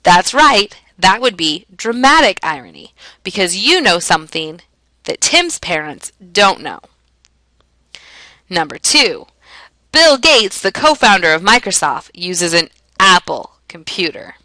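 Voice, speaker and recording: A woman teacher explaining a lesson in a clear, emphatic way, asking and answering her own questions. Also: on the low side, sing-song, measured pace, pushed and bright, no echo, rough recording. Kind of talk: classroom lesson narration.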